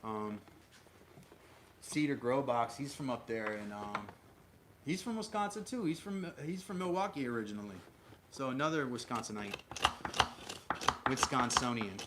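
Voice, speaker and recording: A man from Minnesota hosts a relaxed livestream in a mid-range voice, talking loosely and circling back on himself as he answers his viewers. Loud background noise and clicking run under his voice throughout. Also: medium pitch, normal speed. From Minnesota, USA. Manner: rambling, answers chat aloud, many fillers and restarts. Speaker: livestream host. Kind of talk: casual livestream chat with viewers.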